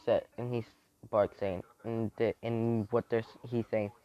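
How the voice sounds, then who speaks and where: Slow, rambling male storyteller. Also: on the low side, flat delivery, smooth, muffled recording. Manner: rambling, with many restarts and self-corrections. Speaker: fan fiction storyteller. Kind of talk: improvised story narration.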